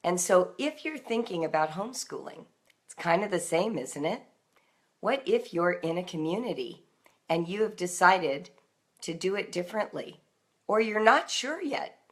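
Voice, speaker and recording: A woman reading her homeschooling encouragement aloud, then chatting casually with her live audience, gentle and reflective, in her morning voice. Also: fairly low pitch, big pitch swings, moderate pace. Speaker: homeschool writer reading her daily book on a live stream.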